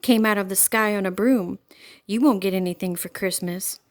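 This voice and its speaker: A woman's voice: mid-range voice, a little slow, lightly acted. A woman reading aloud, voicing a mean, taunting big neighbor boy in a jeering, sing-song way.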